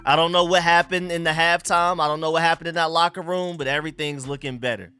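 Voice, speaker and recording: A man's voice: a little high, steady tone, fast talker, sharp tone, clear, resonant tone, dry recording, faint music behind. Hyped young man reacting live. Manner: hyped, repeats phrases, slangy street talk. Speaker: sports live stream host. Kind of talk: excited live game reaction.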